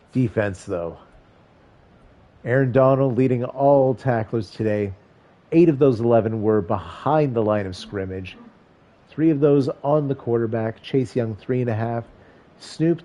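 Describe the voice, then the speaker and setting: A man's voice: mid-range voice, mellow, muffled recording. A man streaming a football video game, giving casual play-by-play with wry, joking asides between stat rundowns.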